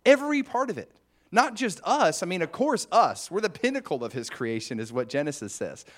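Lively, chatty male preacher. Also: high-pitched, a little fast. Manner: chatty, musing, with asides to the congregation. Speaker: pastor. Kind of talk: conversational sermon.

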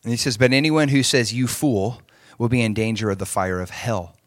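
A male pastor preaching in an animated style, dropping to near-hushed asides and then pushing hard on key points. He keeps asking the congregation whether they are following along. His voice sits at an ordinary middle pitch, and the recording is dry and close. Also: fairly quick, no room sound. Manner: animated preaching, swinging between hushed and emphatic; asks the crowd for agreement often. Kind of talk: sermon.

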